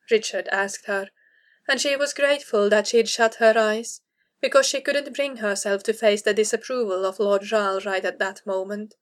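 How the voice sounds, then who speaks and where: A woman narrating a story aloud in a measured, even storytelling manner, as in an audiobook. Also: mid-range voice. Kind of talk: audiobook reading of fan fiction.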